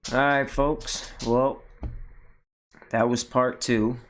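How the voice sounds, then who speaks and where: A man's voice: medium pitch, takes it slowly. A man hosting a reaction video, talking casually and bluntly with some swearing. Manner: relaxed, blunt, swears freely. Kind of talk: casual commentary.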